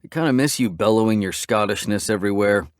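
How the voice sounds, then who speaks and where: A man's voice: lowish voice, fast, dry recording, studio quality, natural voice. A man doing a whiny, hungry biker. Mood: wheedling. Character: tired, hungry biker man, joking and pleading.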